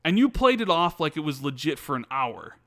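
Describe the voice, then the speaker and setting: A man co-hosting a casual gaming podcast, telling stories with lively acted-out dialogue and many restarts. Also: a little high, a little fast, no room sound, clean studio sound. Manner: animated storytelling, acts out quoted dialogue. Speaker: podcast co-host. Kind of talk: casual chat.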